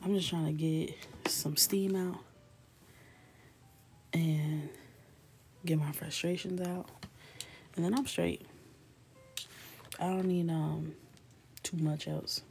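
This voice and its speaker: A woman's voice: sits low, fairly even intonation, slow pace, gravelly, long pauses, slight background noise. A woman in her thirties hosting a live coloring stream, chatting casually and laughing with viewers, often dropping to a whisper. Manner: soft-spoken, often drifting into a whisper. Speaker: coloring livestream host.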